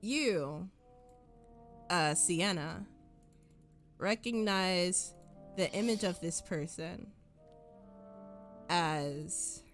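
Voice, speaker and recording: A woman's voice: lowish voice, drawn-out words, long pauses, soft background music. A woman narrating as game master of a tabletop role-play, describing scenes unhurriedly.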